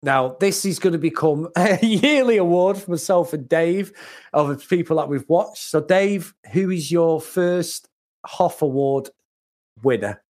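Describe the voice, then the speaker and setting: A man's voice: a little high, measured pace. Chatty british man, mocking. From United Kingdom. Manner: animated, laughs often, mocking. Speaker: podcast co-host. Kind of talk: casual chat.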